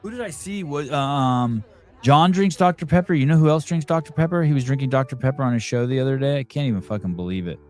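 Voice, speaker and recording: A man's voice: mid-range voice, fast, darkish tone. Joking, profane podcast man. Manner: joking, profane, wondering aloud. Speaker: podcast host. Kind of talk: casual chat watching a broadcast.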